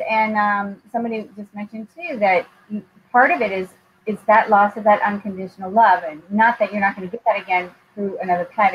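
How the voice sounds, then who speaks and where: A woman hosts a live chat, open and heartfelt, often pausing to find her words. The sound is a little dull and lo-fi, with a faint hiss underneath. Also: medium pitch. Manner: candid and heartfelt, with frequent ums. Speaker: host.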